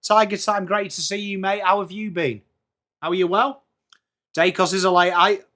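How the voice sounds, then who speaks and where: A man's voice: high voice, fairly even intonation, moderate pace, bright, forceful tone. A man with an English accent hosting a casual live sports watchalong stream, chatting and greeting viewers by name. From England.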